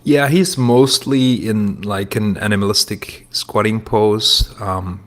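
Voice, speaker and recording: Relaxed male narrator, low voice. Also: takes it slowly. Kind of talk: tabletop role-play talk.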